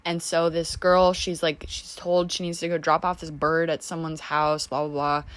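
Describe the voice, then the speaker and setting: Young woman rambling in a low voice. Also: flat delivery, normal speed, clear, resonant tone, dry recording. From United States. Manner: rambling, full of "like" and restarts. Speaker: vlogger. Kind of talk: casual chat while drawing.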